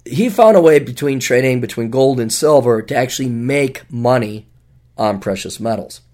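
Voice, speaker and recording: A middle-aged man hosting a solo podcast, talking in a sarcastic, rambling way with big jumps in pitch for emphasis. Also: expressive, normal speed, darkish tone. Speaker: podcast host.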